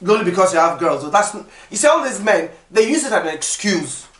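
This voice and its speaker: A woman, a podcast guest telling stories in lively, emphatic casual chat. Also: medium pitch, fast talker, distant mic. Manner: animated, lively storytelling with emphatic repetition. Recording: echoey room.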